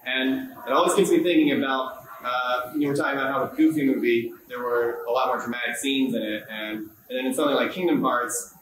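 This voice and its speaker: A man's voice: mid-range voice, steady tone, fairly quick, hardly any pauses, a bit bright, a little hiss or hum. A young man moderating a panel who asks his question in a rambling, hesitant way, full of fillers. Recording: echoey convention hall.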